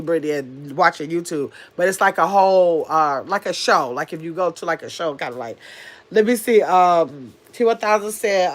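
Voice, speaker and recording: A woman hosting a casual livestream from her phone, reading out viewers' comments and answering them in a rambling, chatty way with plenty of fillers. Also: mid-range voice. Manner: says she talks fast. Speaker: livestream host reading chat. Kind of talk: casual chat.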